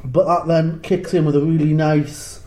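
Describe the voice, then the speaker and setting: A man's voice: fairly high pitch, little pitch movement, moderate pace, mellow. A man co-hosting a podcast, chatting casually over beer in a giggly, rambling way, often hunting for the right word. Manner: giggly, rambling, searches for words. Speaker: podcast co-host. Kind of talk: casual beer-tasting chat. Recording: roomy echo.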